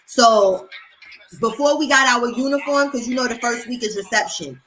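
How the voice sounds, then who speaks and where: A young woman hosting a casual chat, telling a long story in an animated, streetwise, profane way. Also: a little high, moderate pace, soft background music, low-quality recording. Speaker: host.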